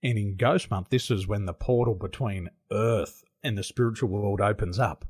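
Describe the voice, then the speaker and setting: An Australian man chats as a podcast guest. His voice sits low and carries a husky grain. He tells animated stories and laughs often. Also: normal speed. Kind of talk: casual interview storytelling. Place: home in Taiwan.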